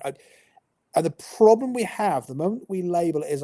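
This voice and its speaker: A man's voice: fairly high pitch, sing-song, brisk, dark tone. A man giving a live-streamed workplace training talk in a chatty, down-to-earth way with dry humour.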